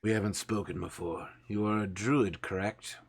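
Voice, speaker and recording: A man's voice: lowish voice, fairly even intonation, normal speed, husky. A man voicing a small, polite male goblin cleric who speaks formally in a tabletop game. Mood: courteous. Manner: formal, courteous, businesslike.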